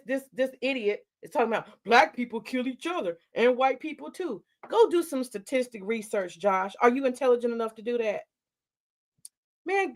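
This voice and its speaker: Blunt, profane woman ranting to her chat. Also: fairly high pitch. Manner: confrontational, profane, addresses chat directly. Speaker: livestream host. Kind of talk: livestream rant to chat.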